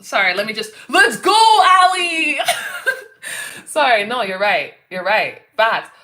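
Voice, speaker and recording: A Canadian woman hosts a casual livestream, chatting with viewers, reading their comments aloud and laughing often. Her voice is a little high and sing-song, bright and forceful, and she takes her time.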